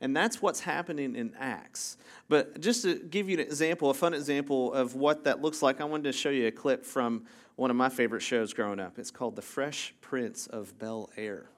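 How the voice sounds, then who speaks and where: A man's voice: medium pitch, moderate pace. A man preaching a casual, conversational sermon, chatty and full of jokey asides, who keeps checking in with the congregation by asking "right?". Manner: self-interrupting, jokey asides. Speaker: pastor.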